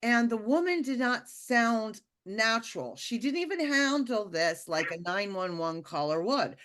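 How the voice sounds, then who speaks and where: A woman telling a personal story in a casual, animated way, with lots of fillers and restarts. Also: a little high, unhurried. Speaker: speaker sharing a personal testimony.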